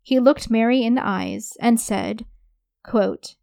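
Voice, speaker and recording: A woman giving a measured, scripted narration of a historical crime story. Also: fairly high pitch, vocal fry, warm tone, no echo, studio quality.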